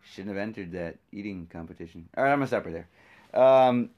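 Low-voiced man rambling with profane sarcasm. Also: brisk, muffled recording. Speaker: podcast host. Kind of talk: casual rambling monologue.

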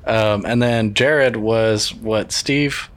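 A man's voice: on the low side, fairly even intonation, extremely slow, a little hiss or hum. A young man telling casual stories among friends with dry, wry humor. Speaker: podcast co-host.

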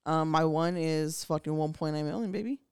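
A young woman co-hosting a casual podcast, swearing freely and laughing through her banter. Her voice sits a little low for a woman. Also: fairly quick, a little mellow, clear, resonant tone. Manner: profane, laughing, loose banter. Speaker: podcast co-host.

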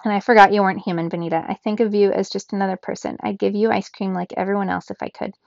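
A woman reading aloud, voicing a gentle, kindly scientist father who talks calmly. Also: medium pitch, fast talker, vocal fry, dry recording, dull audio, lightly acted. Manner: calm, gentle.

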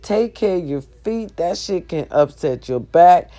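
A woman sitting on her bed, in pain, telling a profane, animated story straight to her viewers. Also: on the low side, unhurried. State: sore, in pain. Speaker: vlogger. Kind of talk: casual storytelling vlog.

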